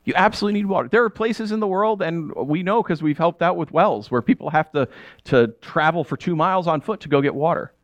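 A man's voice: on the high side, brisk, no echo. A man in his thirties preaching a conversational sermon, telling stories and asking rhetorical questions. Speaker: pastor.

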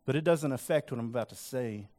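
A man's voice: medium pitch, fast talker, a little mellow. A man preaching a sermon in a conversational, earnest way, acting out quoted lines with rising emphasis. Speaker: pastor.

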